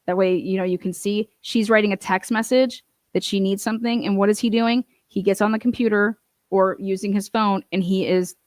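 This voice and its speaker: A woman's voice: mid-range voice, steady tone, brisk, a little mellow, no room sound. Indignant woman in casual commentary. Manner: emphatic, indignant, with frequent fillers and asides. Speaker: true-crime advocate host.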